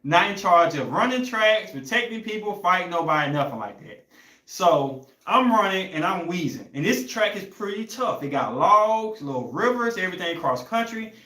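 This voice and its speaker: A man's voice: high-pitched, very animated, normal speed, pushed and bright, echoey room. A young man hosting a podcast, telling a story in a loose, rambling way and searching for words. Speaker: podcast host. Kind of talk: casual storytelling chat.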